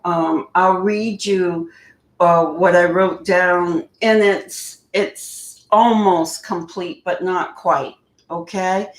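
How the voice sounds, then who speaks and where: A woman's voice: mid-range voice, roomy sound, low-quality recording. A woman commenting on a case in a rambling, sarcastic way, reading quotes aloud. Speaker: true crime commentator.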